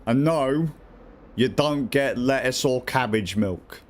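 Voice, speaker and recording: A man's voice: mid-range voice, slow. A man with a British accent, swearing and joking through casual gameplay commentary. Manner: crude, joking, swears a lot. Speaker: gaming streamer. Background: faint game music.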